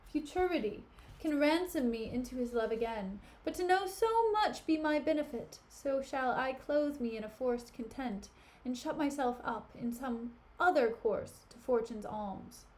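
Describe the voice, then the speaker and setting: A woman's voice: high voice, lively intonation, a little slow, a little mellow. A woman reading the part of Cassio, a remorseful young male officer, in a pleading way.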